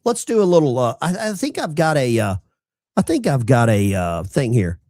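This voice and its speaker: A man hosts a political commentary livestream, talking directly to his chat in a sarcastic, rambling manner with many restarts. His medium-pitched voice is sing-song and a little mellow, at a moderate pace.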